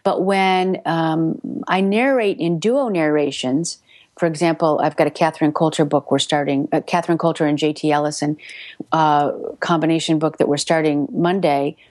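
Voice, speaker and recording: A woman who narrates audiobooks, talking in a chatty, animated way with many restarts during an interview. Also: deep voice, moderate pace, no echo. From United States. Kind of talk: casual interview.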